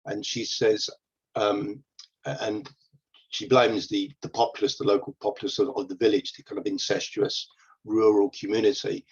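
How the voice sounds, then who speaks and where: A man's voice: fairly low pitch, flat delivery, normal speed, husky. A man giving a casual, hesitant talk about old plays, full of ums and restarts, as presenter for a theatre company. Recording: dull lo-fi recording.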